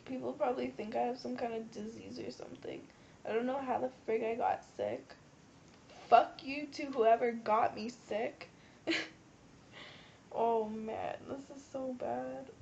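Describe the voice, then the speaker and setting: Congested, gravelly young woman on a webcam. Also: fairly high pitch, measured pace, a little mellow. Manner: giggly, drowsy, rambling. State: stuffy nose, congested; hoarse from a cold. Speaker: vlogger. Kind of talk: rambling casual vlog. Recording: dull lo-fi webcam audio with faint hiss.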